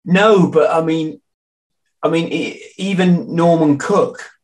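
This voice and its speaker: Easygoing male podcast host, slightly higher voice. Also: takes it slowly. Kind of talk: casual podcast interview.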